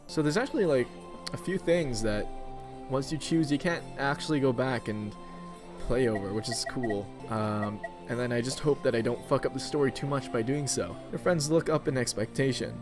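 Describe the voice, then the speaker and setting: Casual male gamer, reads the story and thinks out loud. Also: mid-range voice, normal speed, over music. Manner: casual, offhand, swears, thinks aloud. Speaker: video game streamer. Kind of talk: reading and playing a text adventure.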